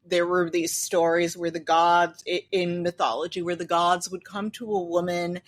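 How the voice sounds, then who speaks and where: A woman's voice: on the low side, little pitch movement, normal speed. A woman co-hosting a film podcast, giving a wry, explanatory review in casual chat. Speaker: podcast co-host.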